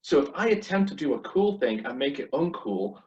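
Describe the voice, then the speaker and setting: A man's voice: medium pitch, very animated, moderate pace, few pauses, a little mellow. A middle-aged man delivers a humorous speech at a club meeting, wry and self-mocking as he works through a list. He stands some way from the microphone, and the dull, lo-fi recording loses the top end of his voice. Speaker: speech contest speaker. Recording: distant dull lo-fi room recording.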